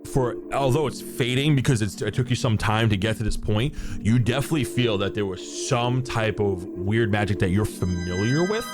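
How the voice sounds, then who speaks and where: A man's voice: on the low side, normal speed, hardly any pauses, music in the background. A man narrating a tabletop game as dungeon master, casual and full of fillers.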